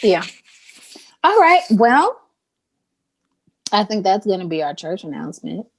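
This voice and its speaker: Slow-talking teasing woman co-host. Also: mid-range voice, sing-song, gravelly, husky, rough recording. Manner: teasing, laughs a lot, slow easy talk. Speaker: podcast co-host. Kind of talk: casual podcast chat while eating.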